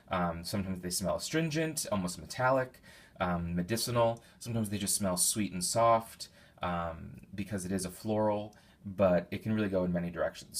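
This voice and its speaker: Low-voiced man rambling through a review. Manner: rambling, many fillers and restarts; detailed, thinks aloud while describing scents. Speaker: candle reviewer. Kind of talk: casual product review.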